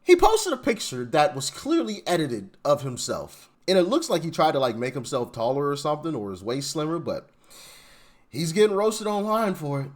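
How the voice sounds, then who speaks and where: Man, reaction channel host, casual commentary, mocking tone, lively swinging pitch. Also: moderate pace. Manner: animated, laughing, mocking.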